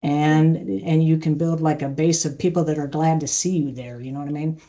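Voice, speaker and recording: A woman with a low, mellow voice talks through her experiences in a relaxed interview. She is middle-aged, calm and measured, and she often restarts her sentences. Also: lo-fi sound. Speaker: podcast guest, aviation maintenance leader. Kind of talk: conversational interview.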